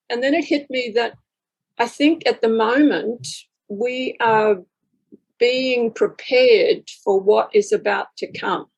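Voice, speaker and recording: A woman's voice: fairly high pitch, creaky, darkish tone, slightly rough, low-quality recording. A woman in a group talk sharing spiritual experiences in a reflective storytelling way, acting out her inner dialogue. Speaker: group discussion participant.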